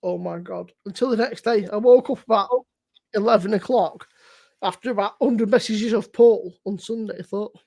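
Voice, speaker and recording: A tipsy man with a high, light voice, chatting on a casual live stream. He swears freely and laughs through his stories. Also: moderate pace, creaky, darkish tone. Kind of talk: casual drunken banter.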